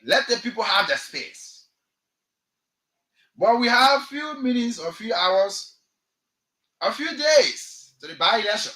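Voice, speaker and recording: Liberian radio host guy, really high bright voice, fired up, keeps asking why, echoey studio. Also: big pitch swings, slow, long pauses. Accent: Liberian English. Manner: impassioned, rhetorical, repeats questions. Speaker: radio talk show host. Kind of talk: political commentary monologue.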